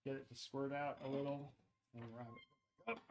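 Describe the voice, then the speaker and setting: A man's voice: mid-range voice, level tone, brisk, a little hiss or hum. A man showing how he makes clay cups in his pottery studio, talking casually as he works and often trailing off into murmurs. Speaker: ceramics artist demonstrating. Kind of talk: live-stream pottery demonstration.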